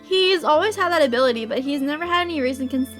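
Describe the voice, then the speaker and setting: A woman voicing a gentle, loyal young male knight while reading a visual novel aloud. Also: sits high, lively intonation, fast talker, faint music behind. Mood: tender.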